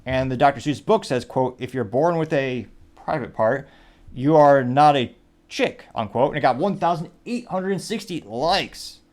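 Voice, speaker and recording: A man's voice: mid-range voice, lively intonation, moderate pace, darkish tone. A man hosting his own commentary show, reading social media posts aloud in a wry, rambling way with asides. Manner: wry, rambling, reads quotes aloud with "quote, unquote". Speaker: show host.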